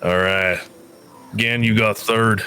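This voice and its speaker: A man's voice: on the low side, fairly even intonation, slow pace, bright, forceful tone, faint music behind. A man playing a tabletop game, casually narrating his character's actions and joking between lines. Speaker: player. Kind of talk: tabletop role-play with narration.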